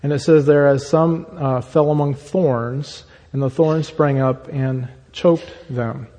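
A man gives a sermon with a mellow, dark tone, walking through Bible passages as he teaches. He often pauses on fillers and restarts his sentences. His voice carries a long reverb, as if he were in a large hall. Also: medium pitch, fairly even intonation. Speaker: preacher.

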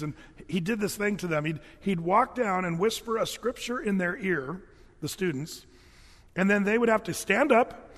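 A man preaching a sermon, telling Bible stories in an animated, folksy way with casual asides. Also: sits high, long reverb tail. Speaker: pastor.

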